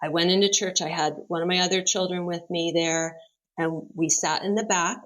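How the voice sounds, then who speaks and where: A woman's voice: lowish voice, steady tone, normal speed, fairly bright tone, poor audio. A middle-aged woman, a podcast guest, telling a heartfelt personal story in an earnest, open way that livens up as she retells it.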